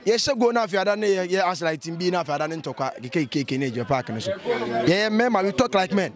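Boastful, fast-talking Ghanaian man. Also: high-pitched, some chatter behind. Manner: boastful, animated. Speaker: amateur football player.

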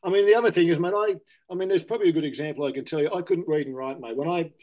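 A man's voice: on the high side, rapid-fire, a little mellow, lo-fi sound. A middle-aged Australian man in casual candid conversation, rambling and correcting himself, often saying mate. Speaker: interview guest.

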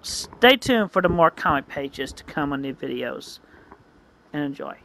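A man's voice: fairly high pitch, lively intonation, a little slow, gravelly, sharp tone, a little hiss or hum, poor audio. A man earnestly narrating his own comic as a story, often correcting himself mid-sentence. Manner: earnest, frequent self-corrections.

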